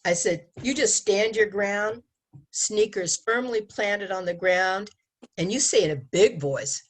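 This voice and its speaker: Husky woman giving a lively talk. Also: medium pitch, a little slow. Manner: animated, acts out quoted lines, laughs often. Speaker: abstinence educator. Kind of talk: presentation to an audience.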